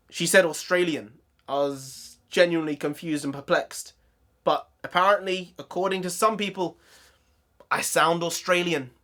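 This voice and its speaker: High-voiced excitable man with a southern English accent. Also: moderate pace. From London area, England. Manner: excitable, jokey, laughs a lot. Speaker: YouTube host. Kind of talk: casual reaction commentary.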